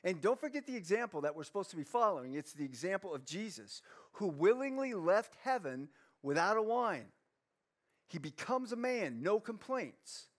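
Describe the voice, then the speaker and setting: A man's voice: high voice, sing-song, moderate pace. A man preaching a sermon as pastor, joking with himself and reading scripture aloud. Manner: playful, self-mocking, reads scripture aloud. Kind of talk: humorous sermon.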